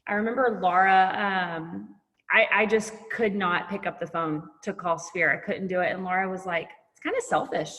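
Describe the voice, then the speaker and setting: A woman's voice: on the low side, fairly even intonation, moderate pace, fairly bright tone, in a large hall. A woman sharing earnest, reflective thoughts on a group call, with a little hesitation. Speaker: meeting participant.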